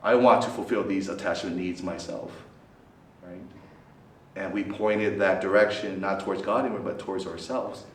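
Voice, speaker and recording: A low-voiced male priest speaks at normal speed to a student fellowship in a meeting hall at a student center. He's lively, swinging dramatically in pitch and loudness, constantly asking the room questions and tagging lines with "right?" The distant mic picks up roomy echo and faint background noise.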